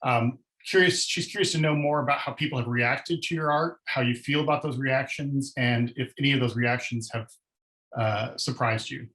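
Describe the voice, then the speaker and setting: A man hosting a webinar over a video call, speaking haltingly with many fillers and open enthusiasm. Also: mid-range voice, fairly even intonation, a bit bright, poor audio. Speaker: webinar host and moderator. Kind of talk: moderating a webinar Q&A.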